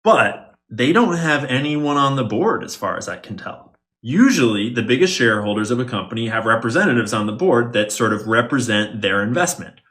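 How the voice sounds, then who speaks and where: A man's voice: medium pitch, big pitch swings, fairly quick, a bit bright. A man giving an explainer monologue as an online commentator, with a wry, conspiratorial manner and sarcastic asides.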